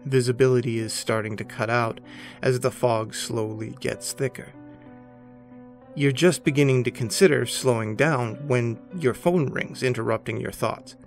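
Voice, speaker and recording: A man hosting and narrating a horror story in a measured, scripted second-person voice. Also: mid-range voice, creaky. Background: faint background music.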